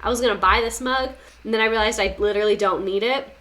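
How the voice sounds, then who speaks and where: Young woman podcast host, casual sarcastic chatter with a bright, sharp tone. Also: medium pitch, quick pace. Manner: chatty, sarcastic, repeats words for comic effect. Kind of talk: casual chat reading listener stories.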